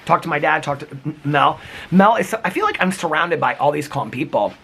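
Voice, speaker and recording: A man's voice: a little high, lively intonation, a little fast, gravelly, fairly bright tone, slightly rough. A man vlogging outdoors in the cold, talking to camera in an earnest, rambling way with lots of "like" and restarts. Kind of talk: casual reflective talk to camera.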